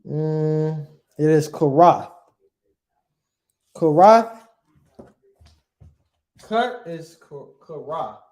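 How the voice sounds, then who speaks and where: Man, unhurried teacher, slightly high voice, echoey room, informal lesson style. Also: animated, a little mellow. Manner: casual, repeats "right?" often, pauses to look things up. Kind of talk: informal Bible language lesson.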